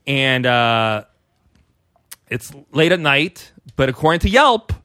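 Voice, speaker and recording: Animated, profane New man. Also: mid-range voice, takes it slowly, no echo, studio quality. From South Bronx, New York. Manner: profane, animated, puts on voices in stories. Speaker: podcast co-host, comedian. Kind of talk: casual storytelling chat.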